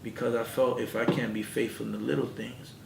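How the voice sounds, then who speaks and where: A man's voice: level tone, fairly quick, gravelly. A man as an interview guest, earnestly telling his life story and acting out the dialogue in it. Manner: earnest storyteller who acts out quoted dialogue. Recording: echoey room, mic at a distance, background rumble.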